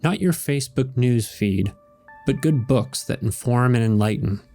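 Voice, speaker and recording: A man voicing a wise old male pig sage with a beard, speaking calmly and preachily as he reads a comic strip aloud. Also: medium pitch, moderate pace, soft background music, natural voice. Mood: sagely.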